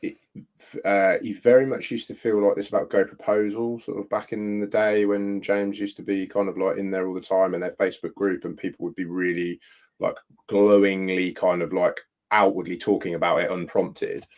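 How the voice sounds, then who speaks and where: A man on a casual podcast thinks aloud, looping through fillers as he works his way to a point. His voice is very deep and low-pitched. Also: level tone, moderate pace, a little mellow. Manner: rambling, filler-heavy musing. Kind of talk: casual video-call chat.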